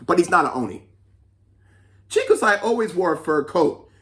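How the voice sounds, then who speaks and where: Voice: mid-range voice, very animated, normal speed, fairly bright tone. A children's storyteller reading a folk tale aloud, with chatty asides to young listeners.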